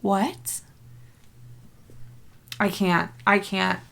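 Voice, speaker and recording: A woman's voice: mid-range voice, drawn-out words, vocal fry, a bit bright. A young woman chatting in a casual book vlog, bubbly and rambling, full of fillers and laughter. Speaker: book vlogger. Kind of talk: casual reading-reaction vlog.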